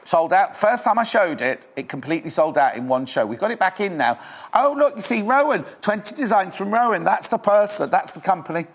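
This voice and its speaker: A man's voice: sits high, animated, a little fast. A man presenting live on a shopping channel in a studio, with chatty, rambling sales patter.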